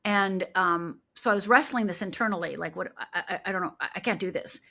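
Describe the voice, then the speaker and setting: A middle-aged woman speaks with a bright, forceful voice. She tells her story with lively energy and acts out the people she quotes. She speaks as a life coach in a relaxed interview. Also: mid-range voice, brisk, vocal fry.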